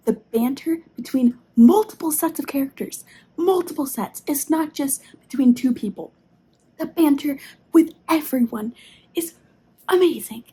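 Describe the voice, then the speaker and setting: A woman's voice: sits high, expressive, unhurried, warm tone. A young woman vlogging about books, gushing casually with many "like" fillers and sometimes dropping into a whisper. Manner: gushing, filler-heavy, lots of "like"; drops into a whisper late at night. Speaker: book vlogger. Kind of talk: casual reading vlog.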